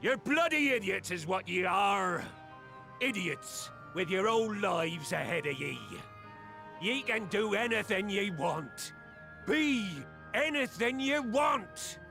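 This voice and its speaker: Gravelly old pirate captain. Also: male voice, animated, takes it slowly, pushed and bright, faint music behind, full character voice. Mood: rousing. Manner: rolling pirate speech, booming declarations. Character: grizzled old male pirate captain, rousing. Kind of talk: game cutscene voice acting.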